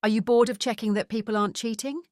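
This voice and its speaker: Narrator as sharp sarcastic woman almost fifty, a little higher than the narration. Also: fairly even intonation, quick pace, no echo, clean studio sound, natural voice. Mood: teasing. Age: late 40s. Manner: sarcastic, clipped. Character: sharp-tongued nearly fifty woman investigator.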